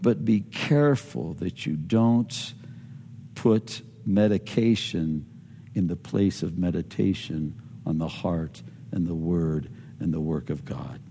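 A man preaching a sermon as pastor, animated, acting out quoted voices with big swings in pitch. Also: takes it slowly, long reverb tail, a little hiss or hum.

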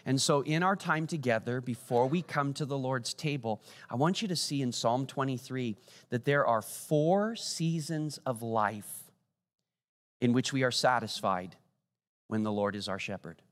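A man preaching a sermon as pastor, animated and rising high for emphasis. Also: measured pace. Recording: long church hall reverb.

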